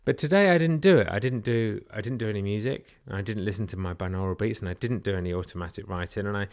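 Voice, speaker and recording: A man's voice: lowish voice, quick pace. A British man talking candidly in a personal vlog, confessional and a little nervous, often asking himself questions aloud. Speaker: vlogger.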